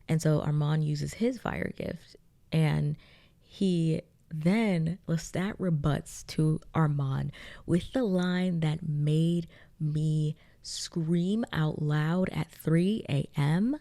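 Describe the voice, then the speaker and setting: A young woman casually recapping and reviewing a TV episode, excitable and chatty with many fillers. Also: low-pitched, slow pace, creaky. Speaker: pop culture video essayist.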